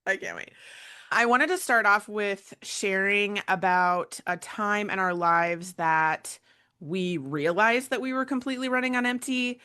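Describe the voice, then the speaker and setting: A woman coach leading a panel conversation, telling a personal story in a lively way with lots of fillers. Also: lowish voice. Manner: animated storytelling with many fillers and laughs. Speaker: burnout prevention coach, panel moderator. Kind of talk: casual panel chat.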